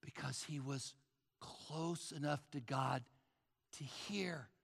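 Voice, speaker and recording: Male pastor, sermon delivery: high bright gravelly voice, loud-to-whisper dynamics, long reverb of a church hall. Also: slow pace. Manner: preaching with dramatic swings from loud calls to hushed near-whispers.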